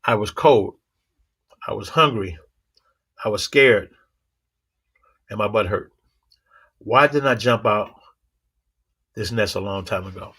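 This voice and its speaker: A man's voice: fairly low pitch, slow, pauses often, pushed and bright, slightly rough, pitched below the performer's own voice, heavily acted. A man voicing a young eagle that has sat too long in its nest, speaking in a plaintive, confessional way. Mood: rueful.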